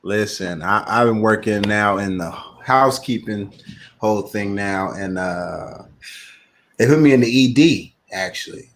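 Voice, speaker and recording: A man's voice: lowish voice, measured pace, a little hiss or hum. A man co-hosting a podcast, telling loose, profane stories in casual chat. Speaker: podcast co-host.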